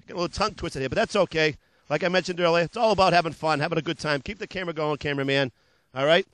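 A hoarse man pitching cars on local TV in a high, ringing voice, close and dry with no room sound. He is upbeat and jokey, trips over his words, then shrugs it off and keeps selling. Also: racing, a bit bright, dry recording. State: hoarse from lost voice. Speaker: car salesman hosting a TV show. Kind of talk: local TV car sales pitch. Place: car dealership lot.

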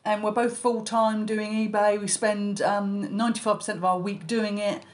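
A woman's voice: medium pitch, level tone, normal speed. A woman co-hosting a casual unboxing chat, upbeat and talkative, often cheering. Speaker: reseller channel co-host.

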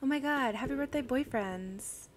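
Streaming herself solving a crossword, a young woman talks at a normal speed in a high voice, with slight background noise. Her casual chat is effusive as she welcomes viewers by name.

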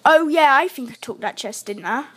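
A woman giving chatty live commentary while playing a video game, talking to herself with excitable outbursts. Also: high voice, normal speed, slightly rough. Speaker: gamer.

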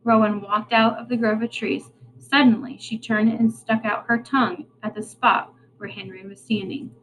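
Woman reading a kids novel out loud, steady voice, bit high, faint hiss behind. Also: moderate pace, low-quality recording. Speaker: reader. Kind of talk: reading a children's novel aloud.

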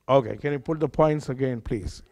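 A man's voice: medium pitch, brisk, a little mellow. A man preaching a sermon in a church hall, earnest and conversational, often putting questions to his audience.

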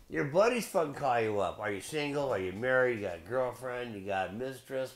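A man's voice: mid-range voice, very animated, a little fast, few pauses. A man from Belleville, Illinois, hosting his video blog in a loose, profane, rambling monologue full of tangents. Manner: loose, beer-drinking delivery. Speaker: video blogger host.

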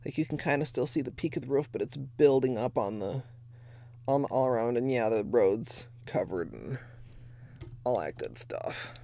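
A woman's voice: extremely low pitch, lively intonation, normal speed, mellow. Chatty rambling woman streamer. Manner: rambling and chatty, full of "like" fillers, answers chat comments. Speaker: nail polish livestream host. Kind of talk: casual livestream chat with viewers. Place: her bedroom at home. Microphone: desk mic, moves away from it at times.

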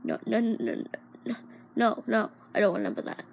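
A woman's voice: medium pitch, big pitch swings, normal speed, a little hiss or hum. A woman doing a stammering, scared henchman. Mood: fearful. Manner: stammering, fearful. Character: nervous cowering henchman, timid and stammering.

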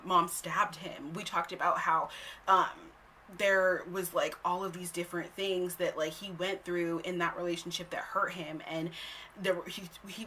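A young woman tells a story to her viewers in a loose, animated way, blunt and full of swearing. Her voice sits a little low and rings very bright, with a forceful edge. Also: slight background noise. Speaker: storytime host. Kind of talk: casual storytime vlog.

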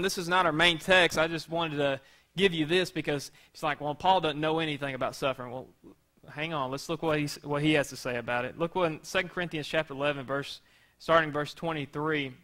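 Man, pastor, sermon, conversational preaching, rhetorical questions, bright forceful voice. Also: a little high.

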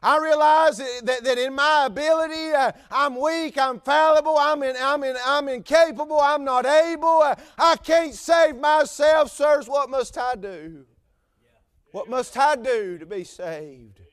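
A man voicing a frightened jailer who repeats his plea, in the preacher's own high voice. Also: unhurried, fairly bright tone, no room sound, clean studio sound. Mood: pleading. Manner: pleading, repeating himself. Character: frightened male jailer begging for help.

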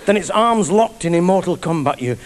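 A man's voice: sits high, animated, brisk. A man telling a comic story in live stand-up, chatty and conspiratorial, on a theatre stage before an audience, in a noisy live broadcast recording. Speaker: stand-up comedian.

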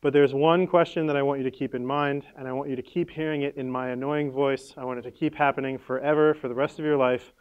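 A man's voice: mid-range voice, fairly even intonation, quick pace, few pauses, clear, resonant tone, narrow, tinny audio. A man presenting at a conference workshop, casual and playful, with lots of "like" and "right?" and the odd sound effect.

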